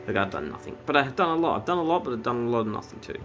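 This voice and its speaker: A man's voice: medium pitch, sing-song, racing, a bit bright, lo-fi sound, faint music behind. A man ranting casually and swearing as he tells a story to camera. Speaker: vlogger.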